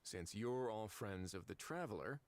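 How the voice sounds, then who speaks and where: A man playing a calm, formal official. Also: on the low side, a little hiss or hum, natural voice. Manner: measured, formal. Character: adult male official, calm and measured. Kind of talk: game voice acting.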